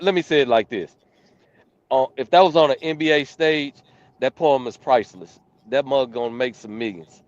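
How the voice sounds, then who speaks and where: A man's voice: mid-range voice, no echo. Hesitant man judge, dry dull sound. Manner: hesitant, searching for words. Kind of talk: casual chat.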